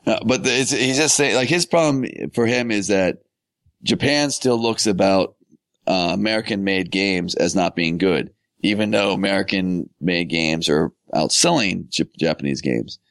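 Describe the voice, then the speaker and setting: A man's voice: low voice, normal speed, a bit bright, dry recording. A man co-hosting a gaming podcast, teasing and sarcastic in casual banter. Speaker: podcast co-host.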